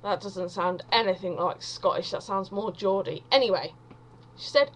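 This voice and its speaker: A woman's voice: mid-range voice, normal speed, rough recording. A woman from England doing a rambling, self-deprecating stand-up monologue full of wandering asides.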